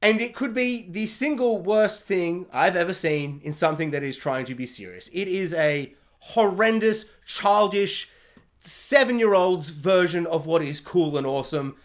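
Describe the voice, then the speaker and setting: A show reviewer rants with exasperation and self-mockery in a video review, laughing often. His voice is high and expressive, and he keeps a measured pace.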